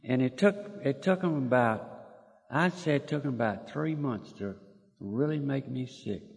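A man's voice: mid-range voice, normal speed, vocal fry. An older man, telling his own story to a group in a folksy, plainspoken way with mild cursing. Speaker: speaker sharing his story. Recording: echoey hall, audience laughter far off.

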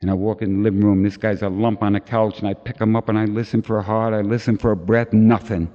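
This is a recovery meeting speaker, a middle-aged man with a lowish voice who talks fast. He animatedly narrates his personal recovery, acting out the voices of others, while the dull, lo-fi recording rings with the long reverb of a large hall.

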